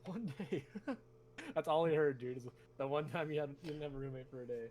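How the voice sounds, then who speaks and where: A man's voice: on the high side, fairly quick, darkish tone, slight background noise. A young man chatting casually with friends before a tabletop game, rambling with trailing asides. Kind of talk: casual chat among friends.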